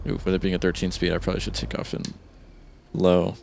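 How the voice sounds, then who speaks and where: A man with a very low voice and a gravelly edge gives casual gameplay commentary. He talks easily, thinks aloud with plenty of fillers and chuckles at his own mishaps. A faint hiss sits underneath. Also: monotone, quick pace, a little mellow. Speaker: let's play host.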